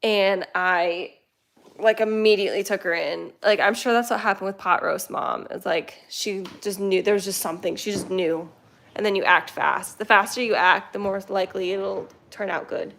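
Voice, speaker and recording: Young woman, livestream host, casual rambling chat, reads viewer comments, middle pitch. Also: normal speed, gravelly, fairly bright tone. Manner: chatty and rambling, talks to her cats mid-sentence. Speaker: kitten rescue livestream host.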